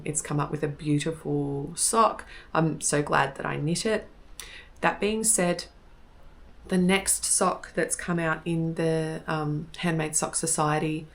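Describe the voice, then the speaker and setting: A woman, hosting a podcast in a relaxed, chatty way with frequent self-corrections. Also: deep voice, vocal fry. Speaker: podcast host. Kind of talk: casual chat.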